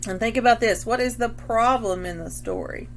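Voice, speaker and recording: A woman reading a picture book aloud to children, with an expressive delivery, stopping to point at the pictures and ask questions. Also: fairly high pitch, normal speed, a little hiss or hum. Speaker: read-aloud reader.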